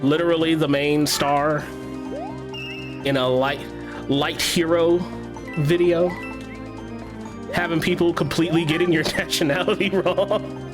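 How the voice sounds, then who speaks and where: A man's voice: a little high, steady tone, measured pace, long pauses. A man streaming a game, chatting casually with his viewers, laughing often and swearing freely. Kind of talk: casual chat while gaming. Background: game music.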